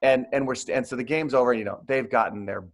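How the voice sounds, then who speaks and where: A man's voice: medium pitch, quick pace. A man, a sports anchor, telling a self-mocking story in casual chat. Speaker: sports anchor and podcast guest.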